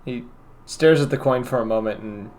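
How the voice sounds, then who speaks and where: A man's voice: medium pitch, darkish tone. Man running a tabletop game. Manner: halting, restarts often, describes scenes. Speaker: game master.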